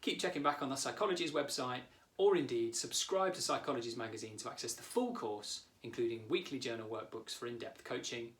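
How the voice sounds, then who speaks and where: A man in his thirties leads a coaching lesson as a therapist. He talks calmly and directly to the viewer at a medium pitch. His delivery is steady and explanatory. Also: a little fast, few pauses.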